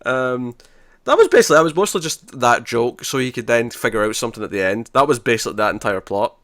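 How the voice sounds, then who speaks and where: A man with a mid-range voice hosts a casual TV recap podcast, talking in a chatty, animated way and laughing often. The sound is dry with no room echo. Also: medium pitch, quick pace. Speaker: podcast host. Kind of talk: casual episode recap chat.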